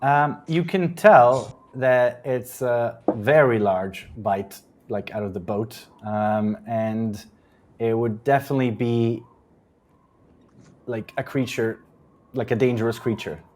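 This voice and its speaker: A man's voice: medium pitch, fairly even intonation, slow, a little mellow, a little hiss or hum. A man running a tabletop game as game master, narrating casually with plenty of fillers.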